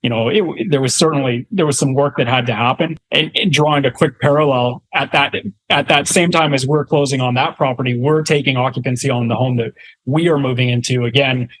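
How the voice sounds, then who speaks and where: A man's voice: mid-range voice, fairly quick, fairly bright tone, poor audio. A Canadian man in his thirties, a guest on an interview show, telling a story casually with many fillers and restarts. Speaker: guest real estate investor.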